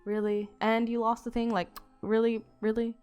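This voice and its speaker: A woman voicing an exasperated mother who scolds her child in a high, sing-song tone. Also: flat delivery, moderate pace, darkish tone, smooth, faint music behind, natural voice.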